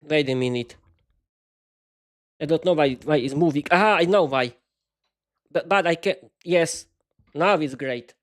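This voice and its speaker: A man's voice: a little high, unhurried, long pauses. A man hosting a casual live-stream podcast, talking to viewers in a hesitant, stuttering way full of restarts while adjusting his lighting, speaking into a desk microphone in a small home studio. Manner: chatty, talks to viewers while fiddling with lighting. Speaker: podcast host.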